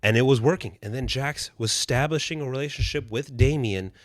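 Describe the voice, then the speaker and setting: A man co-hosting a podcast, talking casually and profanely about TV, acting out quotes loudly. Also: mid-range voice, a little fast, no room sound, studio quality. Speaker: podcast co-host.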